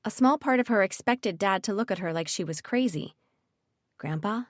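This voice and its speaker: A woman reads a fantasy audiobook in a measured, steady storytelling voice. Her pitch sits in the middle of the range. The studio sound is dry and close. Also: no echo. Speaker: audiobook narrator. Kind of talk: scripted narration.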